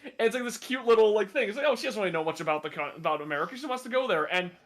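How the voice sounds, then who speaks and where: A man chatting casually on a podcast, excitable and swearing, often laughing. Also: high voice, very fast. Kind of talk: casual chat.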